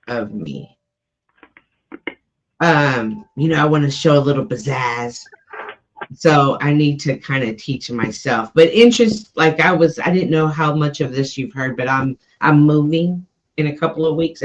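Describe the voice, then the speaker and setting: A fairly high-voiced man hosting a live stream. He chats in a loose, rambling, upbeat way and teases his guests. The audio sounds dull and lo-fi. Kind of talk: casual live-stream chat.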